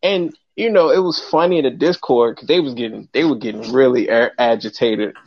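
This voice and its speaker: A man hosting a call-in sports podcast in casual chat, slangy and animated, laughing often. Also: mid-range voice, brisk. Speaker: podcast host. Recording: dry, dull lo-fi audio.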